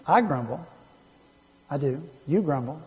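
A pastor preaching in a church sanctuary, his voice pitched high for a man yet mellow in tone. He swings between emphatic, raised declarations and soft, low asides. A long reverb trails each phrase through the hall. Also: animated, a little slow. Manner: preaching with emphatic rises and quiet drops. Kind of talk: sermon.

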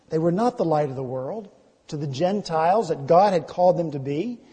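A man's voice: sits high, husky. Man preaching in an echoing church. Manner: reads scripture aloud and tells anecdotes, prays quietly. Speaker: pastor. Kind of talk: sermon. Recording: long hall reverb.

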